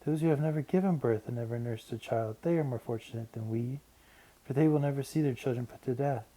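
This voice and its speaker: A man voicing a solemn, gentle teacher in a Bible story. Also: mid-range voice, brisk, natural voice.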